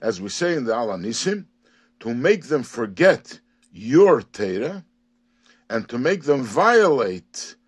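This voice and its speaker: Animated man teaching a Torah text. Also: medium pitch. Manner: reads a Hebrew or Yiddish phrase, then translates and explains; animated, rising and emphatic on key words. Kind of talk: lesson on a daily Hasidic text.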